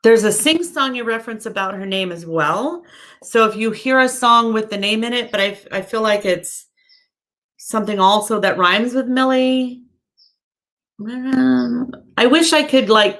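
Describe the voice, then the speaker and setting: Expressive and fairly high-pitched, with a fairly bright tone and normal speed, a woman gives psychic medium readings on a live stream. She reads viewer comments aloud and speaks chattily and searchingly, with frequent fillers and self-corrections.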